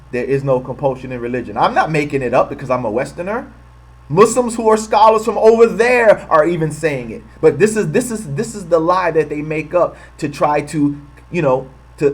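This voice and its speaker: An American man hosting a commentary video, talking in a heated way and often restarting his phrases. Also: a little high. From United States. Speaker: host.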